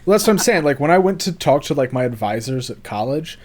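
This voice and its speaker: A man's voice: medium pitch, animated, fast talker, a little mellow. Laid-back man from Alabama, rambling. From Alabama, USA. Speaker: podcast co-host. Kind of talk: casual podcast chat.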